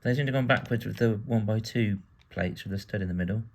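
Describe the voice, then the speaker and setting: A man's voice: fairly low pitch, fast, darkish tone. A British man from the UK giving casual build-along narration as a vlogger, chatty and full of wry asides while he works. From United Kingdom.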